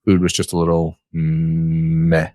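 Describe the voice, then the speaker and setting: A man's voice: a bass voice, completely flat delivery, slow, warm tone, no room sound, clean studio sound. A man chatting casually as a podcast guest, rambling and restarting his sentences often. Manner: rambling, hesitant with many restarts.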